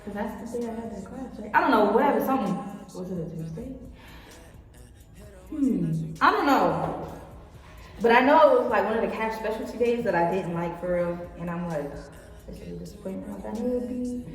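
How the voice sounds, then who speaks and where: A woman's voice: mid-range voice, lively intonation, moderate pace, pauses often. A young woman telling a personal story in a casual vlog, rambling with lots of fillers and acting out what people said. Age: young adult. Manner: rambling, filler-heavy, acts out quotes. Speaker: vlogger. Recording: echoey room, far from mic, faint music.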